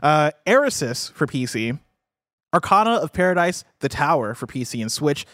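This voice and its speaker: A man's voice: fairly high pitch, sing-song, normal speed, fairly bright tone, no room sound. Chatty man on a dry close mic. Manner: loose and chatty, frequent fillers, laughs easily. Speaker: co-host of a gaming news show. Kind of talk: casual chat and reading a release list.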